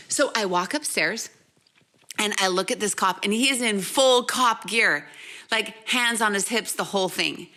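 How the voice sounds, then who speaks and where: A woman in her thirties or forties tells a personal story with lively energy, quick asides and acted-out quotes. Her pitch sits in the middle range, and she speaks as a mentor to her team. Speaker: essential oil seller, mentor.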